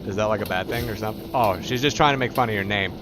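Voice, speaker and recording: A man's voice: on the low side, very fast, background noise. A man streaming a game live, playfully teasing his companion and relaying her replies aloud, laughing often.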